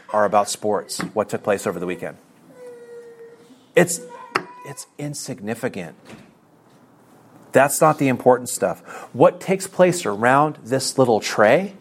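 A middle-aged man preaching a sermon to his congregation, earnest and conversational, with self-deprecating asides and repeated phrases. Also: medium pitch.

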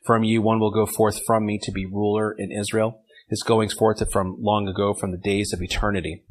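A man's voice: on the low side, flat delivery, a little fast, low-quality recording. A man leading an informal Bible study, reading verses and taking questions from his group in a conversational way.

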